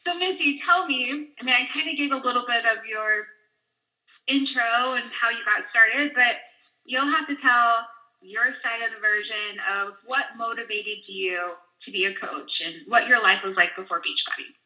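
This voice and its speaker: A woman's voice: on the high side, normal speed, sharp tone, muffled recording. A woman hosting a fitness team webinar, talking in an upbeat, gushing, casual way. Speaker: webinar host, team leader. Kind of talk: enthusiastic casual webinar talk.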